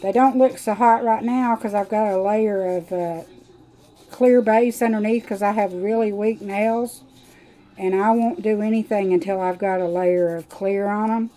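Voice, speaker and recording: A woman's voice: medium pitch, fairly even intonation, measured pace, warm tone, low-quality recording. A woman with a Southern country twang, chatting casually with viewers while she does her nails on a live stream. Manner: chatty, rambling, talks to viewers while working. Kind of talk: casual live demo chat.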